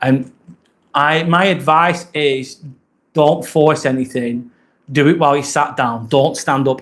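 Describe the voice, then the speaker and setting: An English-accented man hosts a live stream from a rented apartment. He talks casually at a middle pitch, rambling a little, and stops often to answer viewers' comments. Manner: chatty, reads out viewer comments and answers them.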